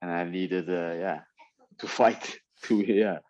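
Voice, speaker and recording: A man whose first language is Dutch, telling stories in a relaxed way in a casual interview, often laughing. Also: low voice, takes it slowly, no echo. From Netherlands. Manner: relaxed storytelling with frequent laughs and restarts. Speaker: guest, MMA fighter.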